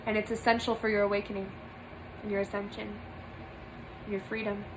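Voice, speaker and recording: A woman's voice: mid-range voice, little pitch movement, fairly quick, noisy background. A young woman giving an earnest spiritual monologue to camera from a small room, emphatic and repeating phrases for stress. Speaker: spiritual vlogger.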